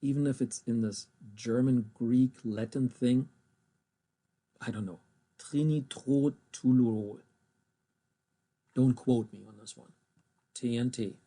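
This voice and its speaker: A man teaching German, spelling out abbreviations and pronouncing German words slowly and carefully between English explanations. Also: medium pitch, steady tone, warm tone. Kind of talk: recorded language lesson.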